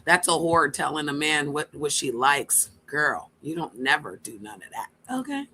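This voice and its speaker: A woman's voice: sits low, expressive, normal speed, sharp tone, a little hiss or hum. A woman hosting a stream, giving blunt, profane reaction commentary straight to her viewers. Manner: brash, blunt and profane, addresses viewers directly.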